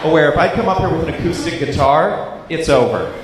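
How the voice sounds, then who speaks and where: A man's voice: a little high, fairly quick, background noise. A man doing self-deprecating stand-up on stage. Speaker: stand-up comedian. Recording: echoey, distant live recording.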